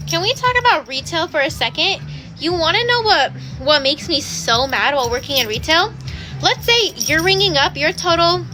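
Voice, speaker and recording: A woman's voice: extremely high pitch, animated, moderate pace, bright, forceful tone, soft background music. A woman working in retail, ranting to camera in a frustrated, scolding way. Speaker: retail worker. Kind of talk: to-camera rant.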